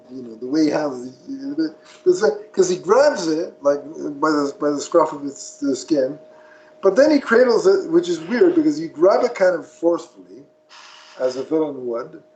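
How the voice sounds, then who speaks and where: A man co-hosting a podcast, retelling a cartoon in casual chat with a rambling, animated manner. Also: a little high, low-quality recording. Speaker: podcast co-host.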